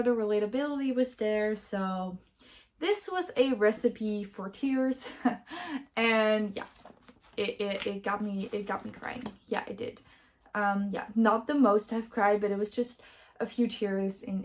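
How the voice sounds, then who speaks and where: Woman book vlogger, casual to-camera chat, effusive, full of ums and restarts, mid-range voice. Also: mid-range voice. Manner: gushing, with frequent fillers and restarts.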